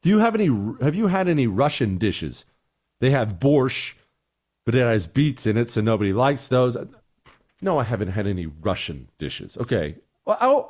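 A man's voice: medium pitch, a little mellow. Middle-aged male host, blunt, sarcastic opinion talk. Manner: emphatic, sarcastic, repeats points. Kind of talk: opinionated commentary and listener emails.

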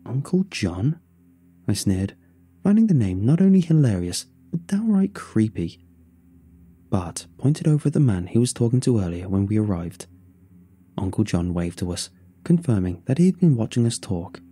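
A man reading a first-person story aloud and voicing its dialogue in a plain, low-key way. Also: big pitch swings, moderate pace, warm tone, husky, faint music behind. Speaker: narrator.

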